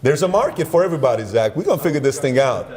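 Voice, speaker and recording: A man's voice: mid-range voice, animated, rapid-fire, crowd noise. A man who is a guest in a casual talk, mostly giving brief, agreeable replies. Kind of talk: casual chat.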